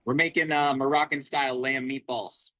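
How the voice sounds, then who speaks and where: An upbeat man chef joins over a video call from a restaurant kitchen, greeting everyone with hype-man energy. His voice is bright and forceful, and the sound is dry and close. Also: mid-range voice, steady tone, moderate pace, no room sound.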